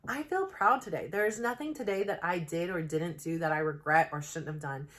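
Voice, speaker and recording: A woman's voice: fairly low pitch, brisk, fairly bright tone. A woman records a self-help vlog at home, speaking straight to camera in a rambling, earnest way. Her talk is heartfelt and loose, with plenty of filler words as she works through her thoughts. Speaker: self-help vlogger, mother. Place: home, new plain backdrop.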